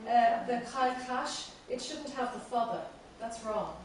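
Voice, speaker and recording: A woman's voice: fairly high pitch, measured pace, a little hiss or hum. A woman leading a song workshop, patiently breaking each line of the song into small parts and repeating them for a class to copy. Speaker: workshop teacher. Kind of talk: teaching a song phrase by phrase. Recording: far-off mic in a very echoey room, clear room ambience.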